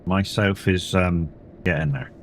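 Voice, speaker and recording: Speaking at a measured pace in a low voice, with a little hiss or hum on the recording, this weary English streamer chats casually as he plays a game. His talk rambles, with the occasional swear word.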